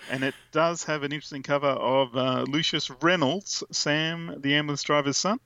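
A man's voice: on the high side, steady tone, normal speed, pushed and bright, dry recording, dull audio. A chatty, giggly man, co-hosting a casual podcast and reading text aloud playfully. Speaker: podcast co-host. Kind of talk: casual comic podcast chat.

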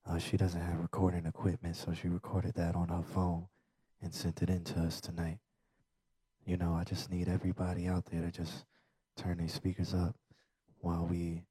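Chatty low-voiced male podcast host. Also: completely flat delivery, moderate pace, mellow, breathy edge, no room sound. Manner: chatty, loose, laughs easily, lots of fillers. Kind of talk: casual podcast chat.

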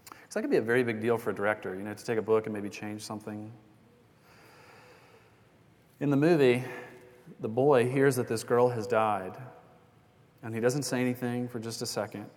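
A man's voice: medium pitch, steady tone, normal speed, pauses often, a little mellow. A young man preaching a sermon as pastor, telling a story in a conversational way with small jokes and asides. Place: church sanctuary. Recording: long hall reverb.

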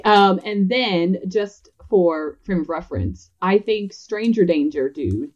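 A woman's voice: fairly low pitch, expressive, slow, a little mellow. A woman from Tennessee with a Southern accent, co-hosting a casual movie recap chat and laughing often. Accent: Southern American. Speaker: podcast co-host. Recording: slightly dull lo-fi sound.

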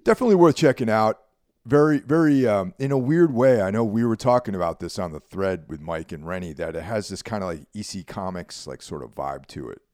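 A man's voice: on the low side, a little fast, a little mellow, no echo. A man co-hosting a podcast in laid-back, rambling casual chat, often checking in with his co-host. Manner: laid-back, rambling, leans on "you know what I mean".

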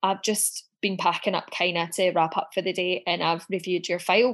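A woman telling a personal story frankly, with swearing, and acting out what others said. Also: on the low side. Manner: frank, sweary, acts out quoted dialogue.

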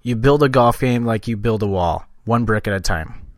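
A man's voice: on the low side, normal speed, no room sound, studio quality. A man hosting a podcast in casual chat, joking and swearing freely. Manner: joking, profane, lively. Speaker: podcast host.

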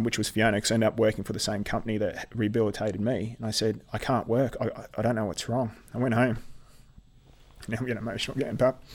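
A middle-aged man, a military veteran telling his story in an earnest, halting way with many restarts. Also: fairly low pitch. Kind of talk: personal storytelling in conversation.

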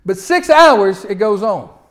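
A man preaching a sermon, telling the story with lively swings between loud outbursts and quiet asides. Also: high-pitched, measured pace.

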